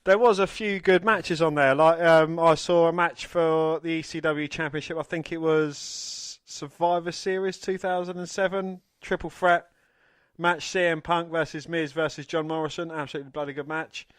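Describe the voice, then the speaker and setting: A man co-hosting a podcast, with a fairly high, smooth and resonant voice. The recording is close and dry, and he chats casually, adding wry, swearing asides. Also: little pitch movement, normal speed, fairly bright tone, dry recording. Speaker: podcast co-host. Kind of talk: casual chat about wrestling.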